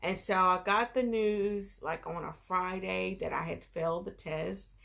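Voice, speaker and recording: Low, gravelly woman telling a story. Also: fairly even intonation, unhurried, fairly bright tone. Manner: chatty, heavy on filler phrases. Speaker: vlogger. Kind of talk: casual storytime.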